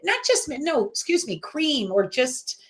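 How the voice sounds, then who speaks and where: A woman hosting a relaxed interview, upbeat and giggly, firing off quick quiz questions. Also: high-pitched. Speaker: host. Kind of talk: casual interview chat.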